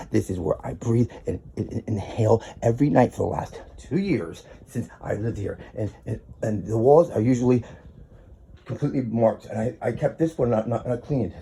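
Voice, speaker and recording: A man's voice: on the low side, gravelly, dark tone, a little hiss or hum. An American man in his small bedroom, filming an angry vlog rant on his phone, agitated and profane, with stammering restarts. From United States. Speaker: tenant filming a complaint video. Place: small apartment bedroom, indoors.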